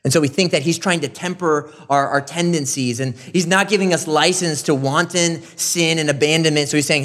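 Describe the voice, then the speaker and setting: A man preaching a sermon, animated and rising loud on emphasis, with quoted asides. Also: a little high, moderate pace. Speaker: pastor.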